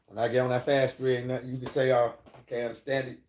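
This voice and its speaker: A man's voice: medium pitch, flat delivery, quick pace, a little hiss or hum. A middle-aged man talking loosely and profanely on a live stream, rambling into preachy asides. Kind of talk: casual live-stream talk. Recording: echoey, dull lo-fi room sound.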